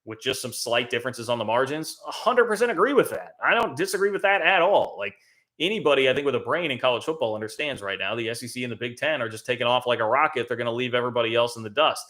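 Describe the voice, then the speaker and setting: A man hosts a live college football stream in a bright, forceful voice. He talks in a conversational way, thinks aloud and pushes his points with emphasis. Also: medium pitch, lively intonation, fast talker. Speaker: college football show host.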